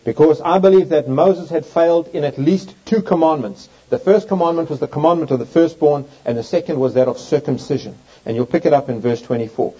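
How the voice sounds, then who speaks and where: A man's voice: a little high, brisk, few pauses, dark tone, breathy edge. A man preaching a Bible teaching sermon, reading scripture aloud with emphatic, swooping delivery. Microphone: overhead projector in use, lecture setting. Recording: dull lo-fi recording.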